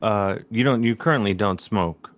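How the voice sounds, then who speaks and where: Playful low-voiced male host. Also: normal speed, a little hiss or hum. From suburban Cleveland, USA. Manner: playful, goofy questioning. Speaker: talk show host. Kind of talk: casual comedic interview. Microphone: video call.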